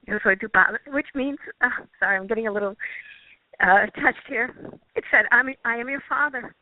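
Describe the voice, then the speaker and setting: A woman with a fairly high voice tells a personal story in an earnest, halting way and often restarts her sentences. The sound is thin and tinny, like a phone line. The recording is dry, with no room echo. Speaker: guest, quantum healing practitioner. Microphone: phone or call line.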